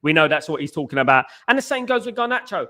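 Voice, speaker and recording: A man hosts a casual football fan chat, thinking out loud and restarting sentences as he goes. His voice sits a little high and has a bright, forceful edge. He reads viewers' messages into a close desk mic. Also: big pitch swings, fast. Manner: rambling, restarts often, frequent "mate" and "you know what I mean". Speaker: podcast host reading live chat.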